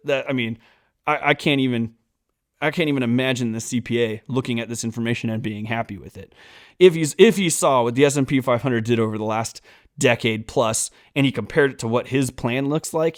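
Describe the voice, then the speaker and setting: A man hosting a finance channel, giving heated, exasperated reaction commentary with emphatic stresses. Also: medium pitch.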